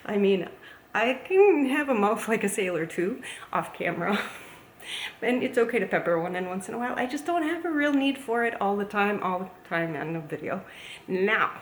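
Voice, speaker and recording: A woman's voice: medium pitch, lively intonation, moderate pace, slight background noise. A woman chatting casually as a plant YouTuber, gushing and playful. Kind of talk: casual vlog chat. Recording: echoey room, faint ambience.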